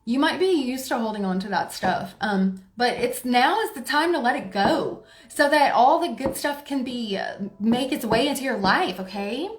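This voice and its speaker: Woman, higher voice, forceful and excitable tarot reader, roomy echo, faint music underneath. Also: moderate pace. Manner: forceful and excitable, laughs often. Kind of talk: casual tarot reading to camera.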